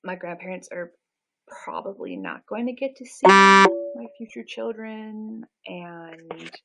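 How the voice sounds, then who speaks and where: A woman's voice: medium pitch, very animated, slow, gravelly, sharp tone, low-quality recording. A woman in her twenties chatting casually on a live stream, self-deprecating and full of fillers. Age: 20s. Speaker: livestreamer.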